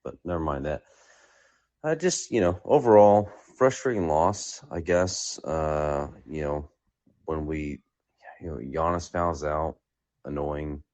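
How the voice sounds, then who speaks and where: A man's voice: rumbling low, takes it slowly, a little mellow. A man calling in to a podcast, rambling casually with many fillers. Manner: rambling, full of "like" and "you know". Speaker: caller. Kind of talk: casual call-in chat.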